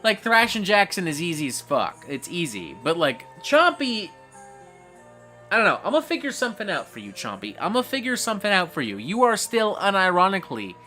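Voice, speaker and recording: A man's voice: sits high, huge pitch swings, brisk, sharp tone, soft background music. A man hosting a casual livestream, reading chat messages aloud and reacting with frequent swearing.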